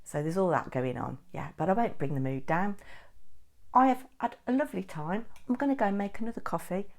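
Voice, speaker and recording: A middle-aged woman from England, chatting and telling stories in a vlog update, animated and ranting at times. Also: medium pitch, fairly quick. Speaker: craft vlogger.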